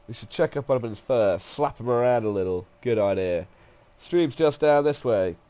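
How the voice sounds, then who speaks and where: A man's voice: medium pitch, expressive, moderate pace, dark tone, voice pushed up, natural voice. A man with a cold reading aloud the lines of a tough, restless woman guide, raising his voice for her, a little nasal. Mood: plain reading. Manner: reads game dialogue aloud in a raised voice.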